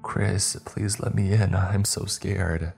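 A man voicing an unseen entity that mimics a young woman, speaking in a hushed, pleading way. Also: low voice, fairly even intonation, slow pace, vocal fry, soft background music, exaggerated voice. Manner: whispery, pleading.

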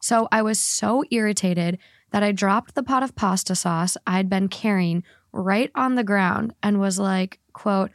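Woman podcast host, mid pitch, dry close mic, quick animated storytelling. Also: dry recording. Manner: animated, laughs often, reads quickly. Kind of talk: casual podcast chat, reading a story aloud.

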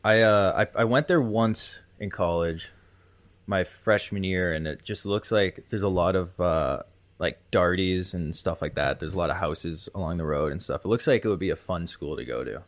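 A man's voice: deep voice, moderate pace. A man co-hosting a casual podcast, laid-back and teasing. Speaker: podcast co-host.

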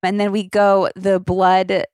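A woman's voice: medium pitch, monotone, takes it slowly, a little mellow, no room sound, studio quality. A woman around thirty hosting a casual solo podcast, rambling and chatty with lots of filler words and casual swearing. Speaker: podcast host.

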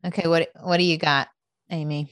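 A woman hosting a casual podcast chat, expressive in her banter. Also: low-pitched, normal speed, no room sound. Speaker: podcast host.

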